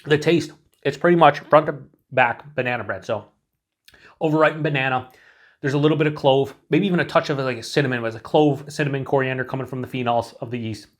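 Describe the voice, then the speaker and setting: A man from the United States talks through a beer review in a loose, unscripted ramble. He is enthusiastic and swears freely, and he leans on fillers as he hunts for the right words. His voice sits at an ordinary middle pitch. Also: fast.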